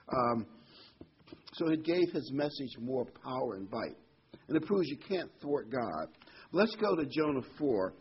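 A man's voice: mid-range voice, sing-song, measured pace. Guy preaching a laid-back bible lesson, rambles a bit, reads verses out, dull lo-fi recording with faint hiss. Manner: conversational and digressive, reads scripture aloud. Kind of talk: informal Bible teaching.

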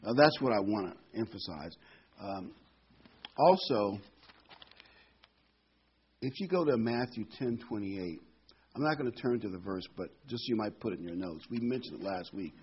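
A man's voice: on the low side, expressive, normal speed, pauses often, slightly rough, highs cut off. A man giving informal Bible teaching as a preacher, folksy, with corny jokes and frequent ums.

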